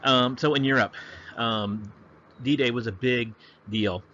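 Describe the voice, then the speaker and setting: A man teaching history in a relaxed, chatty home lesson, with plenty of fillers. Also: mid-range voice, slow, muffled recording, slight background noise.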